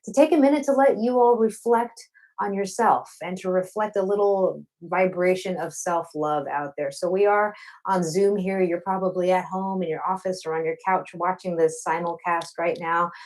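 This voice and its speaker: Poet, woman, lowish voice; playful asides, slow rhythmic poem reading over video call. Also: fairly even intonation, rough recording. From Arkansas, USA. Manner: warm, playful talk between poems; slow, rhythmic poetry delivery. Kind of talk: poetry reading.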